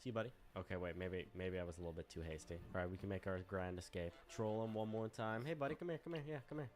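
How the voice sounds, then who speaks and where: A young man gives casual gameplay commentary with a mellow, darker tone. He talks playfully and teases as he goes, like a streamer enjoying some mischief. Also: deep voice, quick pace. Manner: playful, teasing, mischievous banter.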